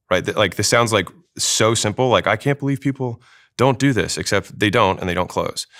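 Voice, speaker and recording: Fast-talking deep gravelly man. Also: fairly bright tone. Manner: fast-talking, explains with examples. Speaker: sales trainer. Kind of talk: casual interview talk.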